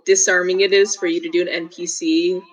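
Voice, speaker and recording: A woman's voice: lowish voice, little pitch movement, brisk. A woman player chatting and teasing the game master at a tabletop game. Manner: teasing, laughing. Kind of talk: casual chat at a game table.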